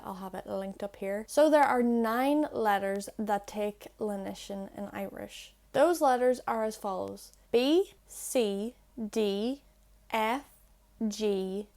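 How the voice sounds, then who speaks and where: A young woman explaining pronunciation to camera on her language channel. She is chatty and self-deprecating, and she slows right down to demonstrate sounds. She is recorded on an earphone mic plugged into her phone. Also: mid-range voice, gravelly, darkish tone. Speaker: language-learning YouTuber.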